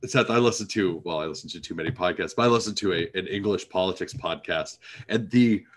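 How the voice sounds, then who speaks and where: A man's voice: low voice, quick pace, breathy edge. A man co-hosting a casual podcast, teasing his friend and rambling with fillers. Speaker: podcast co-host. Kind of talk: casual chat.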